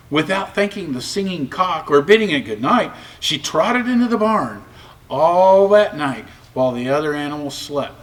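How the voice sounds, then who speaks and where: Man, children's read-aloud, expressive, animated, slightly far from mic. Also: high voice. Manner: expressive, varied storytelling. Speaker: storybook reader.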